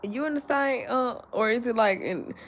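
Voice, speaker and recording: Sleepy woman livestream host, casual and slow-paced, slightly high with a gravelly fry. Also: a bit bright. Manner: slow and drowsy, talks straight to viewers. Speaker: livestream host reading viewer comments. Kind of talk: casual live chat.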